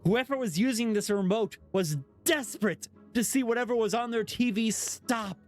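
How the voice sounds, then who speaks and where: High male streamer, rowdy profane prosecutor bit, mock outrage, faint music under. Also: moderate pace. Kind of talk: comedic courtroom role-play on a stream.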